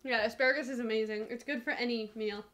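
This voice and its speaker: A woman's voice: on the high side, steady tone, quick pace, fairly bright tone. A young woman co-hosting a cooking channel, narrating recipe steps and chatting casually with her co-host. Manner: chatty, laughs easily, says "like" a lot.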